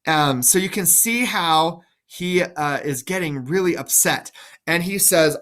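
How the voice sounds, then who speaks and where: A man's voice: fairly high pitch, unhurried, a bit bright. Enthusiastic man explaining a play. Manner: chatty, enthusiastic, full of fillers. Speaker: teacher. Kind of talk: casual classroom explanation.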